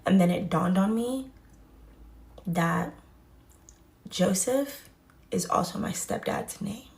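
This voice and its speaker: A young Texan woman with a lowish, gravelly voice tells a personal story casually. She's animated and acts out the quoted dialogue as she goes.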